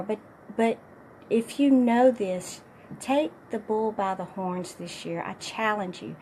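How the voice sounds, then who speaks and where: A middle-aged woman fitness coach with a hoarse, partly lost voice, giving an upbeat, encouraging motivational talk to her viewers. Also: mid-range voice, takes it slowly, dark tone, a little hiss or hum.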